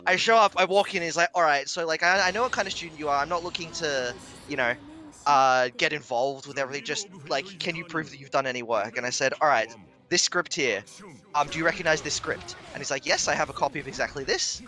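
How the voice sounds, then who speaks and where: A man telling a long personal story in casual chat, animated, swearing and laughing as he goes. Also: on the high side, fast talker. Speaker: stream commentator.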